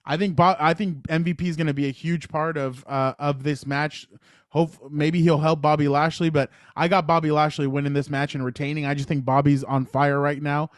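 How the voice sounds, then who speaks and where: Excitable higher-voiced man talking wrestling. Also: normal speed, dry recording, studio quality. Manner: excited, rambling, retells matches with quoted voices. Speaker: podcast co-host. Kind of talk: casual sports chat.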